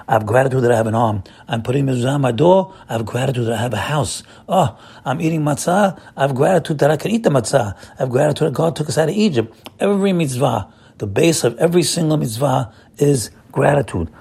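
A man's voice: mid-range voice, a little mellow, breathy edge. A man giving a casual, folksy Torah talk, repeating phrases and calling listeners his friends. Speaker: religious teacher.

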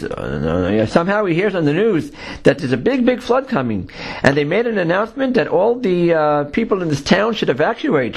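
A man gives a religious lesson in a slightly higher voice. He talks haltingly, full of fillers and restarts. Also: husky. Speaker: Torah teacher.

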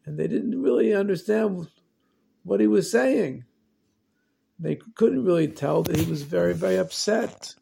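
A man hosting a storytelling show, narrating a tale slowly and deliberately, with long pauses. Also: sits high, lively intonation, creaky, dark tone, a little hiss or hum. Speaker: storyteller host.

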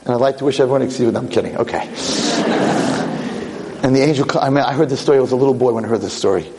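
A man giving a theatrical sermon, telling a story with lively, shifting delivery in an echoey lecture hall. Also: medium pitch, quick pace, background noise. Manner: animated, theatrical, shifting pace. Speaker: rabbi lecturer.

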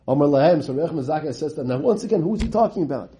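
A man teaches a Talmud lesson in a mellow, somewhat high voice. He reads the Aramaic text and translates it as he goes. He keeps asking his listeners rhetorical questions, with big dramatic swings in pitch. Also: lively intonation, very fast, hardly any pauses.

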